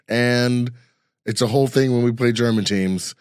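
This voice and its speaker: A man co-hosting a casual chat, telling animated stories and acting out the voices of the people in them. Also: mid-range voice, moderate pace, clean tone, no room sound, studio quality.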